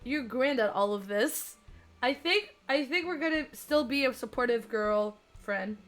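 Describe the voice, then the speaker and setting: A young woman streaming, reading a dating game aloud and chatting with viewers, excitable with squealing laughs. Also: high-pitched, unhurried, faint music behind.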